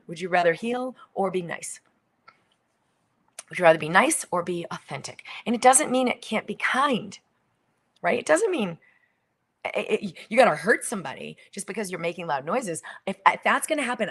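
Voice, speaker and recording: A middle-aged woman hosting a book launch livestream, reading and talking in an animated way with some whispered moments. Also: mid-range voice, moderate pace. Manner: animated, acts out little quoted voices, drops to near whispers.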